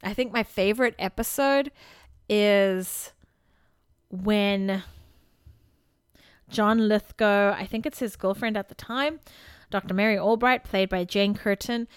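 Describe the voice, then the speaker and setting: A woman's voice: mid-range voice, slow, pauses often, clean tone, dry recording, clean studio sound. A woman co-hosting a podcast, chatting casually and laughing as she retells things. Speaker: podcast co-host. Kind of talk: casual chat.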